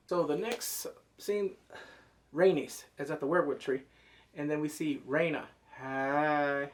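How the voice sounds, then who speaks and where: A man reviewing a TV episode in excited casual commentary, cursing freely, breaking into loud exclamations and quick character impressions. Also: a little high, creaky. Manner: animated, profane, jumps into loud exclamations; mimics characters in quick asides.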